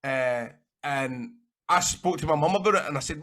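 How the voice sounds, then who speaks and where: A man with a Scottish accent, a guest in an interview, telling rambling, animated stories and swearing freely. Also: a little high, moderate pace. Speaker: interview guest, actor and wrestler. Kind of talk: casual anecdotal storytelling.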